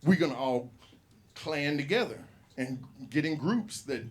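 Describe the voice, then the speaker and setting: A man's voice: fairly high pitch, animated, a little slow, slightly rough. A man hosting an open mic comedy night, telling a rambling, profane story to the crowd. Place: comedy club. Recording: live room with audience.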